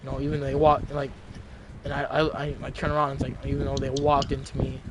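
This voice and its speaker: A man's voice: mid-range voice, monotone, fast, over a noisy crowd. A young man telling a rambling, casual story from his school days, full of restarts and fillers. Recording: noticeable background noise.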